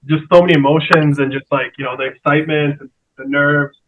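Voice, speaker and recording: Flat-voiced man on a tinny line. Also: fairly high pitch, slight background noise. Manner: halting, filler-heavy storytelling. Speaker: entrepreneur guest. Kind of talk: casual podcast chat.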